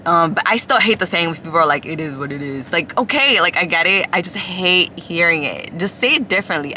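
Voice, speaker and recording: A woman's voice: low voice, pushed and bright, slight background noise. A young woman from Ecuador and the US, confiding in a rambling casual chat to a phone camera inside a car, full of "like" fillers. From Ecuador, then the US. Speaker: vlogger.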